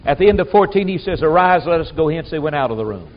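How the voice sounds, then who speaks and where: Animated, high-voiced folksy preacher. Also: male voice, fast. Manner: folksy, emphatic, acts out quotes. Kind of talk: sermon. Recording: dull lo-fi sound.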